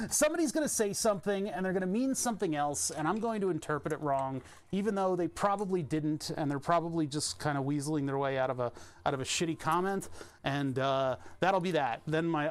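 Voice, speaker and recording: A man chatting casually on his stream, rambling and restarting sentences with little chuckles. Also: a little high. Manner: rambling, self-interrupting, chuckling.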